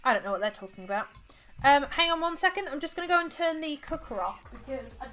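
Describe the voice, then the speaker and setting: A woman's voice: high voice, expressive, quick pace, a bit bright, soft background music. A woman hosting a casual crafting livestream from home, chatting and thinking aloud as she works and counting stitches under her breath. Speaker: livestream host.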